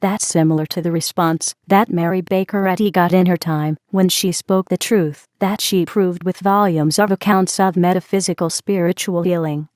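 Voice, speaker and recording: A woman reading the part of a calm man in a discussion, who speaks in a measured way. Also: fairly low pitch, dry recording, clean studio sound, close to an everyday voice. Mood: reflective.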